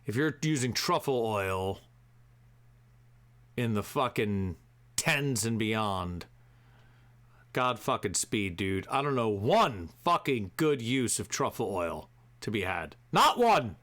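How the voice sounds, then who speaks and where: A man hosting a live show, ranting profanely and swinging between shouting and muttering to himself. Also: fairly low pitch, big pitch swings, takes it slowly, long pauses. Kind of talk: profane comedic rant.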